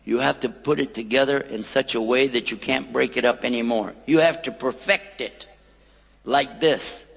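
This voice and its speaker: A man giving a playful public lecture on a microphone, quizzing his audience and repeating words slowly for them to say back. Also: mid-range voice, gravelly, a bit bright, husky. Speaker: lecturer on Islam. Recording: long hall reverb.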